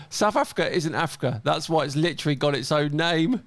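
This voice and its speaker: A man with a fairly high voice reads internet posts aloud and mocks the mistakes in a wry, amused way. The sound is close and very dry, with no room around it. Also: a little fast, gravelly, few pauses, dry recording. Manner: wry, mocking, chuckles at mistakes. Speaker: YouTube host reading and reacting to posts. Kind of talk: casual commentary.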